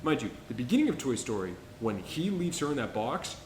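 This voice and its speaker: A man's voice: medium pitch, sing-song, brisk, a little mellow, slight background noise. A young adult man co-hosting a podcast, chatting about films with enthusiasm and rambling restarts. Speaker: podcast co-host. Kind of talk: casual film-review chat. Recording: echoey room.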